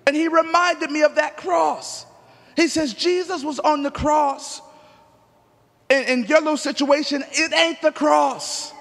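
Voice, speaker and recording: A man preaching a sermon as pastor, animated, moving from quiet storytelling to shouting. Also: extremely high pitch, long reverb tail. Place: church sanctuary.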